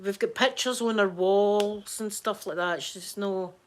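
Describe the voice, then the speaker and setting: A middle-aged Scottish woman, hoarse from crying, chatting casually to her viewers in a halting way, repeating words and restarting sentences. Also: medium pitch, fairly even intonation. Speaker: vlogger talking to viewers. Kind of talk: casual chat.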